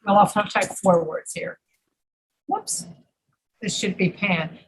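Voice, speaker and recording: A woman's voice: mid-range voice, a little hiss or hum, poor audio. A woman teaching an online pronunciation class, patiently modeling words over a video call. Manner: patient, explains slowly, models words carefully.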